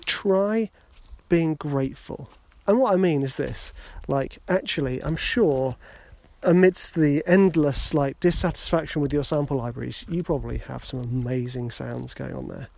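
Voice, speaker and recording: A man's voice: on the high side, moderate pace, gravelly, darkish tone. A middle-aged man hosting a podcast in a casual, self-deprecating way with joking asides, talking into a phone in his hand while walking through a wood. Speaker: podcast host. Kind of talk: casual motivational podcast talk. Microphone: phone held in hand.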